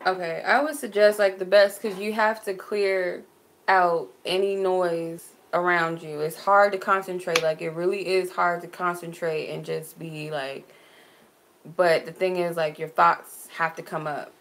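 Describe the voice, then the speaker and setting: A woman's voice: fairly low pitch, fairly even intonation, unhurried, fairly bright tone. A woman from Arizona chatting casually on a livestream as a spiritual reader, answering viewers with frequent "like" fillers. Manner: chatty, many "like" fillers, laughs easily.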